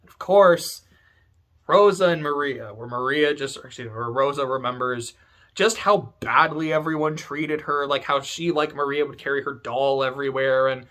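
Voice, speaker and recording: At home, a male video essay host rambles casually through a story, swearing and filling his talk with "like." His medium-pitched voice is pushed and bright, and he keeps a moderate pace. The overall feel is chatty.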